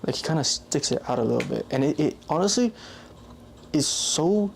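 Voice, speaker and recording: A man's voice: a little high, animated, normal speed, creaky, slight background noise. A young man vlogging in a loose, rambling way, correcting himself often and filling gaps with "like". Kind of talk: casual rambling monologue.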